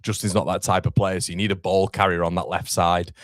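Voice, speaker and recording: A man's voice: deep voice, level tone, fairly quick, no echo, clean studio sound. A young man hosting a live football watchalong, chatting casually and reading out viewer comments. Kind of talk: casual live-stream chat. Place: home room.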